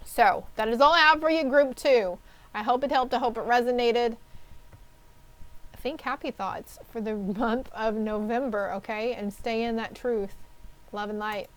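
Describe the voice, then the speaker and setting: A woman with a slightly high voice talks her way through a tarot reading in an easygoing, rambling way. She gushes and keeps reassuring her listeners, checking in with them as she goes. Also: measured pace, low-quality recording. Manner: chatty, rambling and gushing, reassuring listeners with frequent "okay?". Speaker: tarot card reader. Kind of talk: casual spoken tarot reading.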